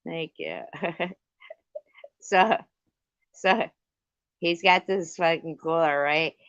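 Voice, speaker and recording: A woman's voice: on the low side, steady tone, drawn-out words, a bit bright, clean tone, dry recording, dull audio. A woman hosting a livestream, telling a rambling casual story, swearing freely and breaking off to thank viewers. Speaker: livestream host.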